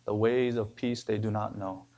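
A man preaching a sermon as pastor, emphatic, his voice rising on key words and dropping low at the ends of phrases. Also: fairly even intonation, normal speed, dark tone, muffled recording. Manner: emphatic preaching with rises and sudden drops.

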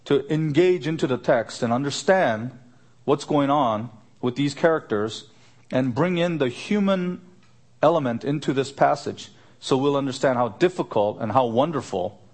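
A man preaching an expository sermon, earnest, lifting his voice to stress a point and repeating his questions. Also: darkish tone. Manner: earnest, rising pitch for emphasis, repeats questions. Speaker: pastor.

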